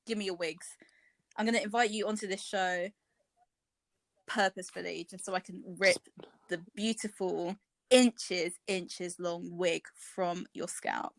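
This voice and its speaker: A woman's voice: fairly low pitch, fairly even intonation, unhurried, no echo. Theatrical, gushing woman. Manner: gushing and theatrical, with gasps and cackles. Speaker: podcast co-host. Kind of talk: casual chat.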